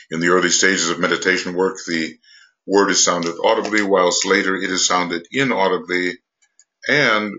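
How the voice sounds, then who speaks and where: An older man giving an unscripted spiritual lecture, halting with many pauses, fillers and restarts. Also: low voice, bright, forceful tone, dull audio. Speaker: esoteric teacher.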